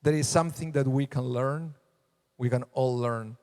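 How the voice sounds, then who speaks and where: A male rabbi giving a conversational sermon, unhurried, sometimes acting out the voices of people in the text. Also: medium pitch, a little mellow. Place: synagogue sanctuary. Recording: long hall reverb.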